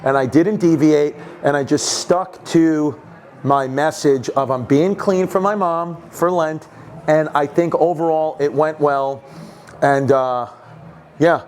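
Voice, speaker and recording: A man with a New York accent doing stand-up, telling a story with animated energy and laughing as he goes, then talking casually offstage, sweaty and winded after a set. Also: fairly high pitch, slow. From Queens, New York. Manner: animated, laughing through his own story. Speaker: stand-up comedian.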